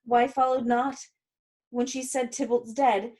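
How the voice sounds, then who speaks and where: A woman reading the part of a grieving young bride from a play aloud, slowly and earnestly. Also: a little high, level tone, a little mellow. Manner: slow, deliberate, earnest line reading. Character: young female lover, grieving and distraught.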